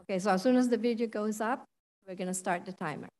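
A woman's voice: mid-range voice, quick pace, a little mellow, low-quality recording. A woman chairing a school board meeting, firm and procedural.

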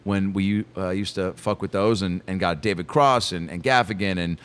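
A comedian guest telling a story in casual chat, lively and animated, swearing freely. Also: male voice, deep voice, normal speed.

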